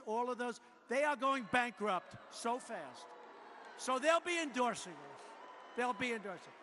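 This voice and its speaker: Older man shouting a rally speech. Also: very high-pitched. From United States. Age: 70s. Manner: boastful, repetitive, bursts into shouting. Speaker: president addressing a rally. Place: large arena. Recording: long hall reverb with faint noise.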